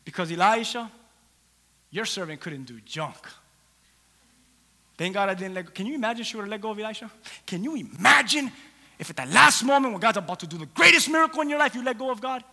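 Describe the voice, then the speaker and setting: A man's voice: high-pitched, expressive, fast, creaky, pauses often, sharp tone. A man preaching a sermon, retelling a scripture story with humor and acting out the characters. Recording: long hall reverb.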